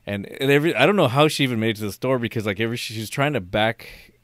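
A man's voice: mid-range voice, very fast, a bit bright, no room sound, clean studio sound. A young man who works at a store, telling a rambling, profane story in casual chat and laughing along.

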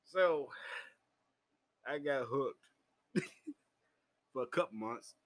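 A tipsy man telling a crude personal story in casual, profane vlog style, laughing often and shouting when he gets heated. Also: lively intonation, very slow. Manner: loud, crude and laughing, swings into high shouting. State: drunk. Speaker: vlogger.

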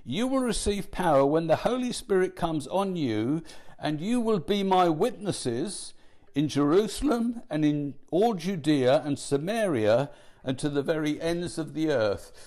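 Brief: male Bible teacher, slightly higher voice, earnest and measured delivery. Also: expressive, a little mellow. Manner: measured, earnest, pauses to restate. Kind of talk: teaching sermon.

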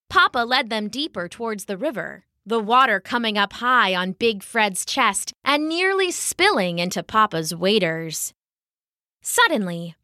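Brief: bright, expressive female narrator for a children's bedtime story, unhurried delivery. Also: medium pitch, no echo, clean studio sound.

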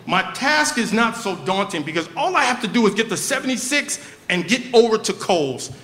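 Give me an animated man with a bright, high voice, telling a comic story at a live show. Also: moderate pace. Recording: echoey live venue.

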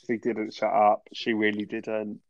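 A man's voice: lowish voice, completely flat delivery, measured pace, lo-fi sound. A man co-hosting a casual podcast, chatty and teasing as he recaps a TV episode, recorded on a phone at home. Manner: chatty, teasing, laughs often. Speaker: podcast co-host. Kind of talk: casual chat recapping a TV show.

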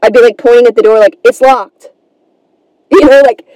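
A woman's voice: a little high, steady tone, moderate pace, mellow, no echo, low-quality recording. A woman hosting a comedy podcast, telling a rambling, self-deprecating story in a casual monologue and swearing freely.

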